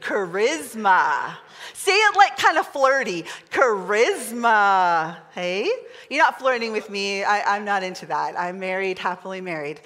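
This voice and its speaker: A middle-aged woman pastor preaching a sermon, chatty and excitable, leading the congregation in call-and-response. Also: medium pitch. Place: large church hall. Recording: long hall reverb.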